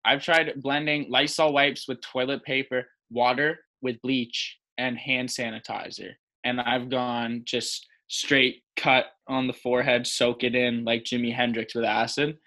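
Bright-voiced young man joking crudely. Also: medium pitch, little pitch movement, measured pace, hardly any pauses, rough recording. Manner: crude, rambling, laughs often. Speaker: podcast co-host. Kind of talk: casual comedic chat.

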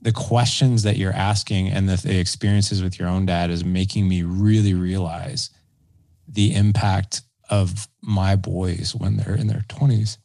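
Gravelly, dark-voiced earnest man. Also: sits low, flat delivery, no room sound. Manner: earnest, halting, self-correcting. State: choked up at times. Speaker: podcast guest. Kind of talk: emotional personal conversation.

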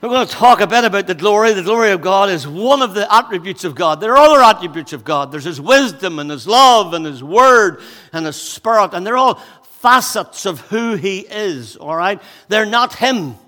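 A man with a high, bright voice, preaching with energy and chatty asides while a little out of breath. His voice carries a long reverb from the hall around him. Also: expressive, moderate pace. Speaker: pastor. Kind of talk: sermon.

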